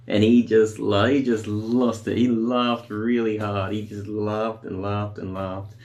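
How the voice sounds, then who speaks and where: A man's voice: fairly low pitch, little pitch movement, a little slow, few pauses, darkish tone. A man casually telling a funny anecdote in a chatty, rambling way. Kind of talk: casual storytelling.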